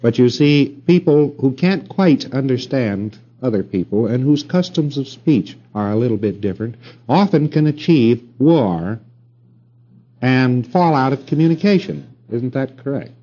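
A man's voice: medium pitch, lively intonation, a little slow, dark tone, dull audio. A middle-aged man giving a rambling lecture to an audience, with wry asides and rhetorical questions.

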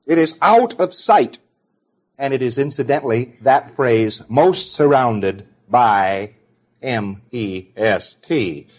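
A man's voice: mid-range voice, muffled recording. A man giving an informal lecture in a conversational, digressive way, now and then acting out example voices.

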